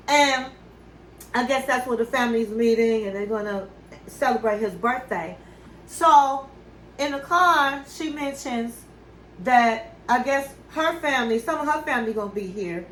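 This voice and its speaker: A woman's voice: a little high, fairly bright tone, echoey room, a little hiss or hum, poor audio. A woman hosting a casual reality-TV recap, telling the story in a chatty, gossipy way with side comments. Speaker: recap show host.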